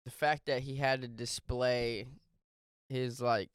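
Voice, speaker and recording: A man co-hosting a casual podcast, joking and animated, laughing easily. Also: medium pitch, slow, clear, resonant tone, dry recording, studio quality. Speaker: podcast co-host. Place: home studio.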